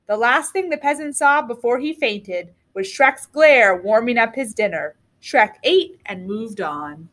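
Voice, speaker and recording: A woman teacher reading a picture book aloud to children with expressive storytelling. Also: fairly high pitch, unhurried, few pauses.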